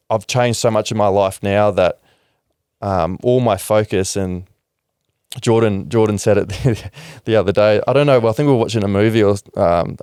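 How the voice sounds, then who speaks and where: A young man with an Australian accent talks as a podcast guest in a frank, reflective way, swearing casually and using lots of fillers. His voice sits fairly low, and the room sound is dry and close. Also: darkish tone, smooth, no echo. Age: young adult. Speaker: podcast guest, former rugby league player. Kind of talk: candid interview talk.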